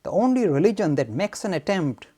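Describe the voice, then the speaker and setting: A man from India gives a frank, forceful lecture on Hinduism to students. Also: high-pitched, fairly quick, husky. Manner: forceful, frank, animated, mock-arrogant.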